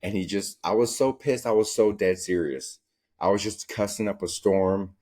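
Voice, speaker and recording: A man's voice: lowish voice, normal speed, darkish tone. A young man hosting a casual solo podcast, telling stories in a profane, rambling way. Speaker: podcast host.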